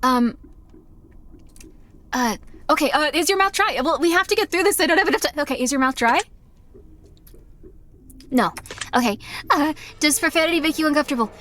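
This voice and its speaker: A woman's voice: high-pitched, moderate pace, long pauses, a bit bright. A young woman streamer chatting casually while she plays, rambling with lots of fillers and self-deprecating asides. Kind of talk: casual live-stream chat while gaming.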